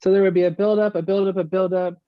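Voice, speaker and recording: A woman guest in an interview, recounting events in a candid, halting way with frequent restarts. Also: medium pitch, flat delivery, no room sound. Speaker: guest, mother of the subject. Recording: muffled lo-fi recording.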